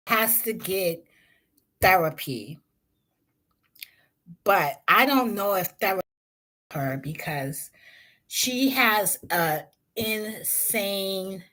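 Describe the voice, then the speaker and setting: Woman vlog host, unhurried, blunt and slangy celebrity commentary. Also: lowish voice, bright, forceful tone.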